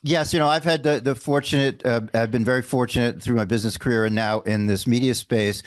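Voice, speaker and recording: Male co-host, mid-pitched voice, hesitant, lots of fillers. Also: steady tone, a little fast. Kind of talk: conversational interview.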